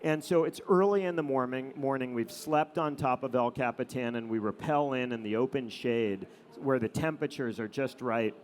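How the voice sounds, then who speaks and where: A middle-aged adventure photographer gives a talk, telling anecdotes to an audience in a relaxed storytelling manner. He speaks at a medium pitch and moderate pace, often saying "um" and "you know."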